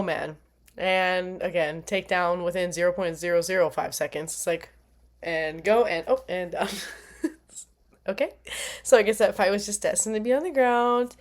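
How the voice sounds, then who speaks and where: A woman hosting a casual fight recap, chatty and animated, often laughing at herself. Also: medium pitch. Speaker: fight review host.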